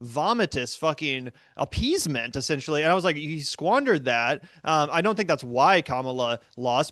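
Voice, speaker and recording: A man's voice: on the high side, fairly bright tone, no room sound. Profane, ranting man in a dry room. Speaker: podcast guest. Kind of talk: casual political chat.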